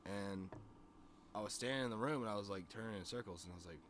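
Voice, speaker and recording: A man's voice: fairly low pitch, fast talker, a bit bright, a little hiss or hum. A man streaming to his chat, telling a rambling story in a casual, profane way, with lots of "you know what I mean.". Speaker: streamer and musician.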